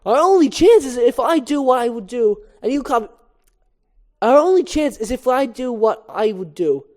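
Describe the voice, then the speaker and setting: Lady doing a worked-up little boy bee giving orders in the cockpit, loud and pushy. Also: on the high side, lively intonation, moderate pace, voice pushed up, lightly acted. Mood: urgent. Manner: urgent, bossy encouragement. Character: earnest young male bee trying to land a plane.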